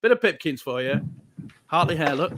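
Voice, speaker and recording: A man's voice: on the high side, lively intonation, normal speed, heavy background noise. A man from Yorkshire hosting a casual, jokey livestream show and reading out viewer comments. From Yorkshire, England.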